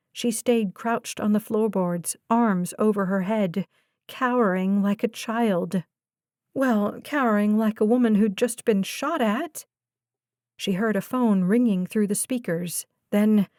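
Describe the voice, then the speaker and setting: A woman narrating a thriller audiobook in a measured, even storytelling manner, recorded in a booth. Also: a little high, no room sound, clean studio sound. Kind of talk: scripted narration.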